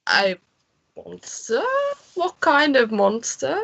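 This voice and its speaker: Gravelly-voiced woman playing a tabletop game. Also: fairly high pitch, sing-song, slow, fairly bright tone, highs cut off. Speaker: player.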